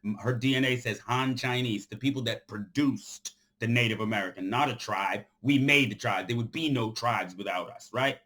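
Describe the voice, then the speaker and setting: A man of middling pitch delivers a fired-up, unscripted lecture to his followers. He hammers home his points by repeating lines, now and then surging to loud outbursts before dropping low and quiet. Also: normal speed, few pauses. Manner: forceful and preachy, repeats phrases for emphasis. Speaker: commentator addressing his followers. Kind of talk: off-the-cuff impassioned monologue.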